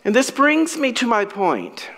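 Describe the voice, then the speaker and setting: Slow, lively-voiced preaching pastor, a man. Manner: dramatic storytelling, acts out quoted characters; slow, deliberate preaching with wide swings in pitch and loudness. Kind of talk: sermon.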